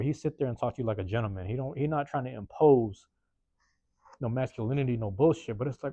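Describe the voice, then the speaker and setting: A man's voice: mid-range voice, fast talker, no room sound. Slangy, profane man hosting a podcast. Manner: slangy and profane, full of "man" and "bruh" tags; acts out quoted neighbors in lively put-on voices. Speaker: podcast host. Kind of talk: casual storytelling monologue. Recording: dull, dry close recording.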